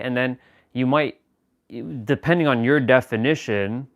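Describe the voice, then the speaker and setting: A man's voice: medium pitch, moderate pace. A man chatting casually on a live stream, rambling and joking as he reacts to viewers' comments.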